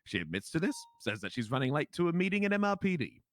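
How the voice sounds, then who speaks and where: A man's voice: a little high, big pitch swings, fast talker, no room sound. A man with an Australian accent playing a police officer in a role-play game, telling his story in an indignant, emphatic way.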